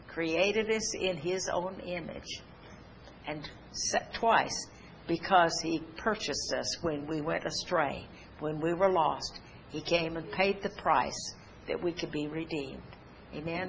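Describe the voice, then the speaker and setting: A woman's voice: on the low side, fairly bright tone, slight background noise, low-quality recording. A woman preaching a sermon for television, earnest and emphatic, telling a story and leading a prayer.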